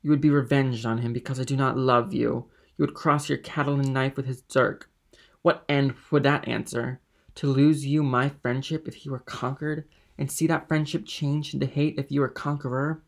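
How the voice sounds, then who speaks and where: A man's voice: mid-range voice, fairly even intonation, normal speed, creaky, lightly acted. A man reading aloud and voicing a passionate, loyal young woman who speaks with raised emphasis. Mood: impassioned.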